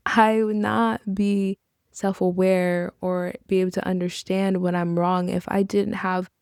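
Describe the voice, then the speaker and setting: A woman's voice: fairly low pitch, a little mellow, dry recording, clean studio sound. A young woman hosting a podcast, speaking in an earnest, encouraging way with casual asides. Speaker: podcast host. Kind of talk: reflective podcast monologue.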